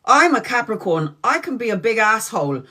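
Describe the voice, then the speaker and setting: A woman's voice: on the high side, big pitch swings, normal speed, bright, forceful tone. A woman in her forties hosts a casual tarot live stream. She talks frankly and chattily, drops swear words without a second thought, and keeps calling out her viewers by name. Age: 40s.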